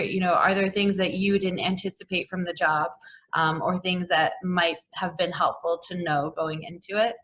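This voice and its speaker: A woman's voice: medium pitch, fairly bright tone, slight background noise. A woman hosting a casual interview, prompting her guest with easy questions and closing the show. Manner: laughs often, friendly prompting questions. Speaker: interview host.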